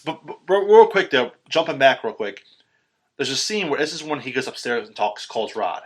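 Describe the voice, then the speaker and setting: A male podcast co-host with a medium-pitched voice casually recaps a film at a moderate pace. He is profane and animated, acting out quotes with sudden shouts.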